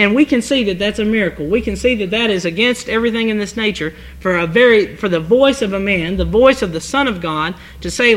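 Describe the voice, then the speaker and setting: Earnest high-voiced male preacher. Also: pushed and bright, low-quality recording. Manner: earnest, halting, many restarts and fillers. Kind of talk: sermon reading scripture and expounding.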